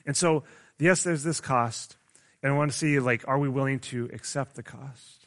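A man's voice: medium pitch, moderate pace, a bit bright. A young man preaching a sermon in a casual, conversational way. He often stops to check in with his audience and restarts his sentences. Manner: restarts and stumbles often, says "like" a lot.

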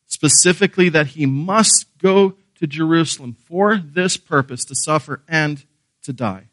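A man's voice: on the high side, a bit bright, no echo. A man preaching a sermon, earnest and emphatic, asking rhetorical questions and repeating key phrases. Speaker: pastor.

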